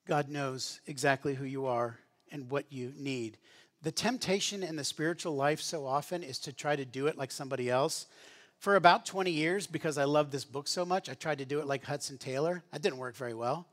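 A man's voice: a little high, a little fast. Earnest conversational male preacher. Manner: conversational, earnest teaching with restarts. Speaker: pastor. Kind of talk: sermon.

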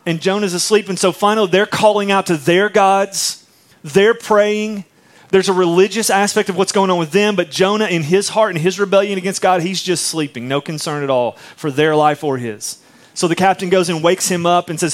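A man preaching a sermon in a conversational way, retelling a Bible story with lively asides to the congregation. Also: high voice, fairly quick. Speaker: pastor.

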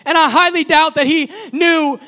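A man delivers a sermon at a church service in a strikingly high voice. His tone is bright and forceful. He builds his points through repeated phrases that swell with passion. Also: fairly even intonation, moderate pace. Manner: impassioned preaching with repetitive, building phrases. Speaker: preacher.

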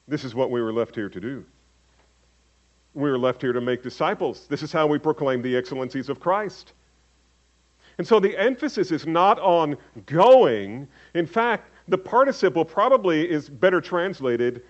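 A man preaching a sermon as pastor, swinging from loud emphatic calls to hushed low asides. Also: lively intonation, normal speed. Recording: dull lo-fi sermon recording.

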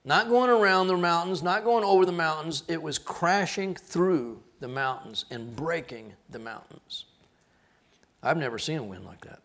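A middle-aged man from Texas preaching a sermon, telling folksy stories in an animated way. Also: fairly high pitch, moderate pace.

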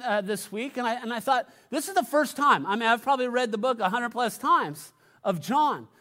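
A man's voice: very high-pitched, fairly bright tone. A pastor giving a conversational sermon to his church, often repeating key phrases and adding playful asides. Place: church sanctuary.

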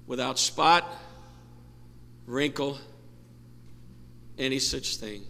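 A man preaching a sermon as pastor, impassioned and rising to shouts, in a church sanctuary. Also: mid-range voice, slow pace, vocal fry, pauses often. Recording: long church hall reverb, faint noise.

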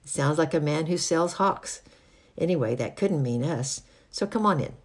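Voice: medium pitch, animated, normal speed, natural voice. Reader doing a mild, earnest young boy.

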